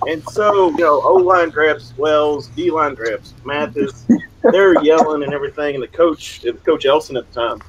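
A middle-aged man hosting an interview, a former player himself, telling stories with animated, high-voiced quotes. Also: moderate pace, highs cut off, a little hiss or hum. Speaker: podcast host, former player. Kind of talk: casual interview.

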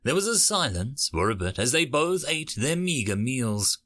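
A man reading a sci-fi short story aloud as host of a narration channel, with expressive delivery. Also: mid-range voice, normal speed.

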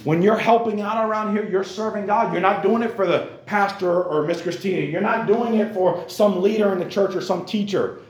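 A man's voice: high-pitched, moderate pace, hardly any pauses. Earnest male preacher in a roomy church. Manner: earnest and repetitive, keeps calling out to the listeners. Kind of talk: sermon to young people. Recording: roomy echo.

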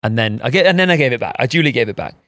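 A man hosting a podcast in casual chat, rambling and animated and laughing often, recorded outdoors in a garden. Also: medium pitch, rapid-fire, no room sound. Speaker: podcast host.

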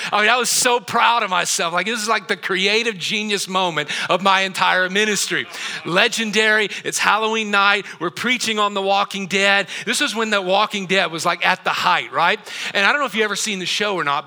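A middle-aged male pastor preaching in a church auditorium, telling a story with lively asides to the congregation. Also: high voice. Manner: animated storytelling with asides to the audience. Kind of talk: sermon.

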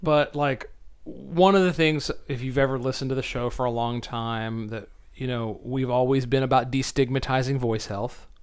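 A man co-hosting a podcast in casual chat, talking loudly and rambling with fillers and restarts. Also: medium pitch, moderate pace, clear, resonant tone. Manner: loud, energetic podcast voice. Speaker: podcast co-host.

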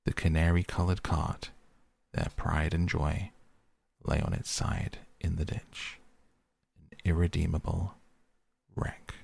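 A man reading a storybook aloud in a slow, measured narration. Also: low-pitched, flat delivery, creaky, darkish tone, husky, no room sound. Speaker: audiobook narrator.

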